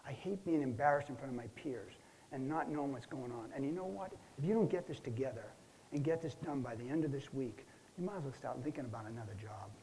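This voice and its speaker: A man playing a stressed client in a counseling role-play, telling his story haltingly with many restarts and fillers. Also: medium pitch, fairly even intonation, dark tone, a little hiss or hum, natural voice, low-quality recording. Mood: rattled. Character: stressed middle-aged man recounting a relapse.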